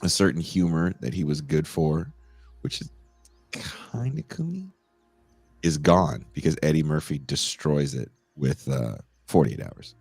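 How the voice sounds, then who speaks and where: A man's voice: extremely low pitch, husky, no echo, faint music behind. A man hosting a podcast, chatting casually and animatedly about old movies. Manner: animated, laughing, quick asides. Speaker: podcast host.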